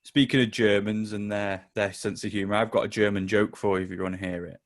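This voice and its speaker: A man's voice: on the low side, level tone, fast. A man with a Mancunian accent co-hosting a casual football podcast, swearing freely and telling jokes. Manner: sweary, jokey storyteller. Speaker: podcast co-host.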